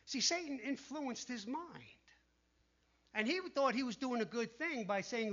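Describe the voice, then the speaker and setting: A man preaching a sermon in an animated way, dropping to a hush when he quotes the tempters. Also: extremely high pitch, a little slow. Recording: dull lo-fi sound.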